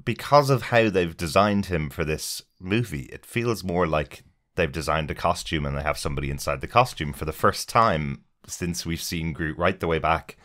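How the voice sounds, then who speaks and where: A man with a very deep voice hosts a casual podcast conversation. He talks with enthusiasm, filling his pauses with "uh" and "um.". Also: fairly bright tone. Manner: enthusiastic, frequent fillers. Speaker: podcast host. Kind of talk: casual chat reviewing a film. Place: podcast recording.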